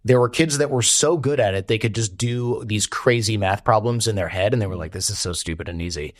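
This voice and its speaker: Man, low-pitched, animated storyteller, conversational interview. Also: brisk, no room sound. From United States. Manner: animated storyteller, quotes others in character. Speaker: podcast host, guest.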